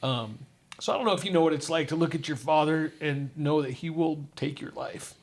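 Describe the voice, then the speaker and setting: A man's voice: a little high, a little fast. A middle-aged man, a podcast guest, earnestly and casually telling a personal story from his life. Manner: earnest, casual, often says "dude".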